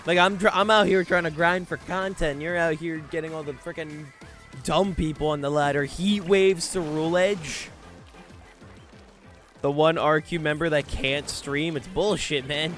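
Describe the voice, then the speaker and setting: A man's voice: a little high, fairly even intonation, moderate pace, a bit bright, soft background music. A young man streaming a game live, chatting casually with viewers in a brash, joking way and swearing a lot.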